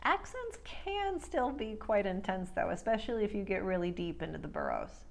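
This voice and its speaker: A woman's voice: medium pitch, lively intonation, moderate pace, gravelly. A woman speech coach teaching accent sounds, carefully demonstrating each vowel. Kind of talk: accent tutorial.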